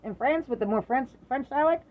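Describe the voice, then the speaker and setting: A middle-aged parent in a casual chat with their adult daughter, telling lively stories, swearing freely and acting out the voices of the people in them. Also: high voice, a little fast, narrow, tinny audio. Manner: animated storyteller, swears freely, acts out quoted voices.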